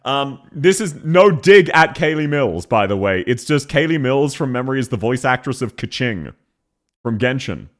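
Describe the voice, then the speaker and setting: A man's voice: medium pitch, sing-song, moderate pace. A young Australian man streaming, joking and laughing as he ranks voice acting in casual chat. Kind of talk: casual chat, ranking reactions.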